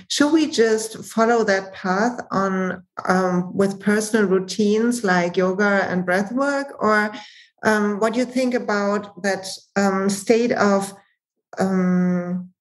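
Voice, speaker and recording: A woman's voice: mid-range voice, low-quality recording. A woman from Germany with a German accent, hosting a podcast, asking her questions hesitantly with many ums. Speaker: podcast host. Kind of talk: casual podcast interview.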